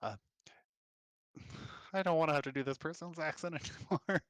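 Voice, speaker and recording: A man's voice: a little high, fairly even intonation, moderate pace, a bit bright, dry recording. Man running a tabletop game. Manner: chatty narration with frequent laughs. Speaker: game master. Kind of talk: narrating a solo tabletop game.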